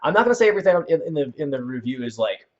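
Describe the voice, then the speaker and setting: A man hosts a relaxed gaming livestream and talks off the cuff, circling back and correcting himself mid-sentence. His pitch swings widely, and he bursts out loudly at moments in the game. The audio is a little dull and lo-fi. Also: rapid-fire. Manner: rambling and self-correcting, with sudden loud outbursts reacting to the game. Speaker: channel host. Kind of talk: casual livestream chat while playing a video game.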